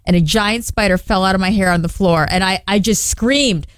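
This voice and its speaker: A woman's voice: mid-range voice, moderate pace, smooth, dry recording. Playful woman co-hosting radio chat. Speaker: radio co-host.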